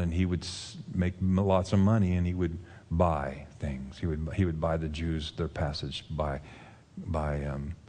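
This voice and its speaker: A man preaching a sermon as pastor, earnestly retelling a film scene and dropping to a soft, intense voice at moving points. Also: sits low.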